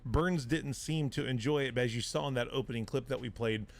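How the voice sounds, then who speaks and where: An excited man hosts a live sports podcast into a microphone. His voice sits at a middle pitch, and he doubles and triples words as he gets going. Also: a little fast, creaky. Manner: excited, repeats words for emphasis. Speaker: podcast host.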